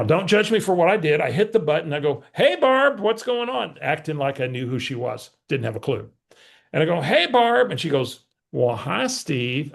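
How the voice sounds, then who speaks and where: A middle-aged man, a real estate team leader telling an animated story to a team meeting and acting out both sides of a phone call. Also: fairly high pitch, gravelly. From San Antonio, Texas. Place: meeting room with remote attendees.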